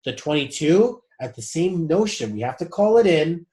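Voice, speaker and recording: A man's voice: on the high side, sing-song, normal speed, warm tone. A man leading a spiritual group session in a loose, chatty way, swearing casually and calling the group guys. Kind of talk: casual group coaching talk.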